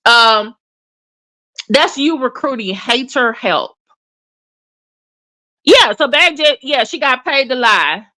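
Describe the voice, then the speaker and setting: A woman hosting a casual livestream commentary, chatty and animated, with many fillers and restarts. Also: high-pitched, slow, pauses often. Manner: addresses viewers in chat by name. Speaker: commentary channel host.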